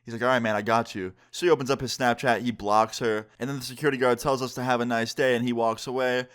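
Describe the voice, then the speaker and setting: A man's voice: fairly even intonation, fast, a bit bright, smooth. Young man telling a story time. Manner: conversational, acts out quotes with pitch jumps. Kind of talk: casual storytelling.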